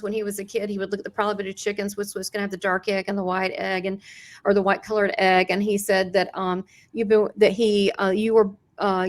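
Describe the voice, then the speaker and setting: A woman hosting an interview who works as a psychic medium, telling a story in an animated way and acting out quoted dialogue with frequent laughs. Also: mid-range voice. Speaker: psychic medium and show host.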